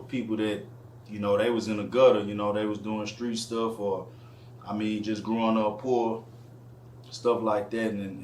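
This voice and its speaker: Guy rambling in an interview, lots of fillers, faint background hum. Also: lowish voice. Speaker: interview guest. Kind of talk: casual interview talk. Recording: echoey room with faint ambience.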